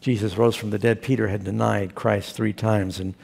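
A man's voice: lowish voice, little pitch movement, moderate pace, gravelly, darkish tone, slightly rough. A male pastor who preaches a sermon in a folksy, storytelling way.

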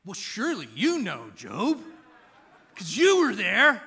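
A man voicing God as a sarcastic, exasperated male figure who mocks and scolds loudly. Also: high voice, wildly swooping pitch, slow, gravelly, breathy edge, heavily acted. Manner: mocking, sarcastic, loud.

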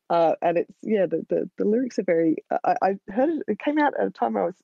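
Aussie woman guest, raspy gravelly voice, umming and rambling, dry dull home recording. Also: mid-range voice, sing-song, normal speed, dry recording. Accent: Australian. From Australia. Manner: rambling, hesitant, lots of ums. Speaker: guest writer. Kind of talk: casual chat. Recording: dull lo-fi sound.

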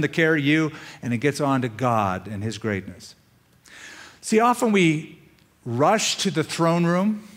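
Man, pastor preaching, slightly high voice, animated delivery, acts out quoted prayers. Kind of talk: sermon.

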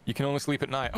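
Teasing gamer man, wildly swinging pitch. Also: slight background noise. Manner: teasing, playful, laughs often. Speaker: gaming channel host. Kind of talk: casual co-op gameplay chat.

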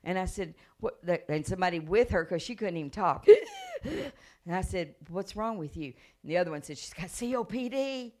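A middle-aged woman evangelist preaching a revival sermon, telling stories with acted-out voices and rising to a loud preaching cadence. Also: lowish voice, a little fast, hardly any pauses. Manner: animated storytelling, acts out voices and gasps.

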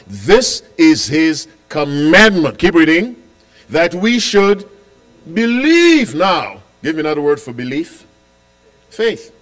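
Emphatic preacher with a lively pitch. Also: male voice. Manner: call-and-response with the congregation, repeats key lines; swings between loud emphatic declarations and quiet asides. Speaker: pastor. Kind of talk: sermon.

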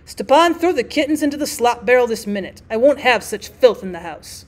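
A woman doing an angry shouting father. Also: fairly high pitch, expressive, a little fast. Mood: shouting orders. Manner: shouting scolding commands. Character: stern angry middle-aged father.

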